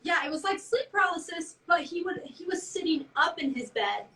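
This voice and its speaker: Woman cutting in with details, high bright voice, casual live stream chat. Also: animated. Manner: chiming in with quick details.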